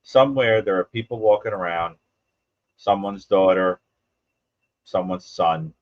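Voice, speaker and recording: A man speaking as a guest on a livestream panel over a video call, in a grave, measured way. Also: sits low, no echo, muffled recording.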